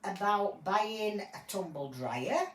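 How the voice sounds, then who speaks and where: A woman playing a patient, kindly judge in a homemade toy court game, explaining things gently. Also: medium pitch, animated, slow pace. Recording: echoey room, voice from afar, faint hiss.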